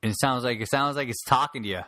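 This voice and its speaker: A fast-talking man hosts a solo podcast in a bright, forceful, medium-pitched voice. He rambles casually, swears freely and keeps restarting sentences, holding a handheld mic close, and there's no room sound.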